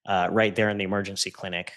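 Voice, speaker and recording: A man with a somewhat low voice tells a deeply personal story as a podcast guest. He speaks with earnest intensity and sinks to a hushed, low tone whenever he repeats words that were spoken to him. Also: level tone, fast talker. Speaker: podcast guest, entrepreneur and coach. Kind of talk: emotional personal storytelling in conversation.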